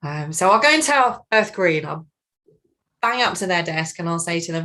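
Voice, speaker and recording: Woman, workplace trainer, online workshop, animated, expressive, lowish voice, video call. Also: moderate pace. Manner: animated, expressive, acts out colleagues.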